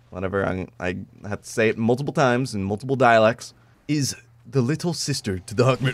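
A young man giving excited live gameplay commentary, joking, shouting at opponents and dropping to low mutters. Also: fairly quick. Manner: animated, jokey, swings from shouting to muttering. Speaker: gameplay reviewer.

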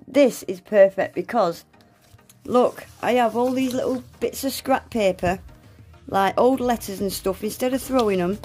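A woman's voice: fairly high pitch, darkish tone. A young woman, unboxing gifts in a casual vlog, gasping and exclaiming often and swearing casually. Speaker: nail art vlogger.

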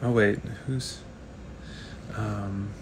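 A man, an actor, chatting casually on a live video stream, reading fan comments aloud and answering them in a relaxed, rambling way. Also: lowish voice, drawn-out words, heavy background noise.

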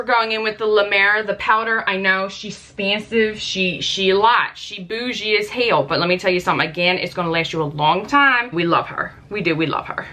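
A woman's voice: medium pitch, bright, forceful tone. A woman in her late thirties, a makeup artist chatting casually and sassily through a makeup routine at her desk at home. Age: late 30s. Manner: sassy, chatty, exclamatory, with frequent asides. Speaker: makeup artist and beauty vlogger. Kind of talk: casual makeup tutorial chat.

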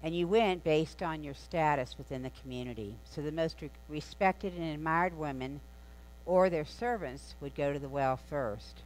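The preacher's voice is medium-pitched and moderately paced, sitting in a middle register, with a faint electrical hum beneath a rough recording. Speaking from a church sanctuary, the sermon unfolds conversationally, the story threaded with relaxed asides.

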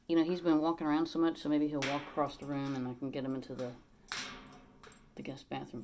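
A woman at home vlogging about her parrot, switching between plain talk to the camera and high, sing-song baby talk to the bird. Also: fairly quick, a little mellow, slight background noise. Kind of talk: casual vlog talking to camera and her pet.

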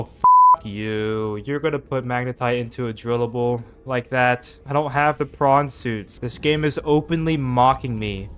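A man giving joking, self-mocking commentary over his own gameplay, quick to get startled. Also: mid-range voice, fairly bright tone. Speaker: gaming video creator.

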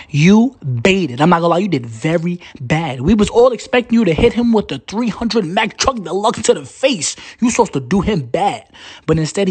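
A man voicing a blunt male friend who mocks and teases in fast rants. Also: high voice, husky, pitched below the performer's own voice.

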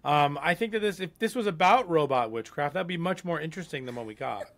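A man co-hosting a podcast, talking in a loose, rambling way with plenty of fillers. His voice sits a little on the high side, and he states his views bluntly. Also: animated, fast talker. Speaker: podcast co-host. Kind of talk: casual chat.

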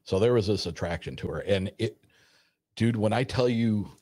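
A man with a very low voice tells a personal story in a loose, rambling way, slipping into the voices of the people he quotes. The recording is dry and close to the mic, with no room sound. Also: normal speed, no echo. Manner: rambling, animated retelling with quoted dialogue. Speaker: storyteller guest. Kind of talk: casual spoken story.

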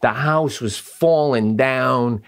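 A man's voice: medium pitch, takes it slowly, clear, resonant tone, no echo, clean studio sound. A man co-hosting a podcast, telling a profane comic story in casual chat. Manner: animated storyteller, profane, big swings into acted voices. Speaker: podcast co-host.

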